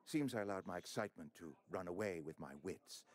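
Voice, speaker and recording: A man gives voice to a pompous middle-aged outpost administrator in a video game, whose speech is formal, fussy and ingratiating. He talks fast in a low voice with lively intonation.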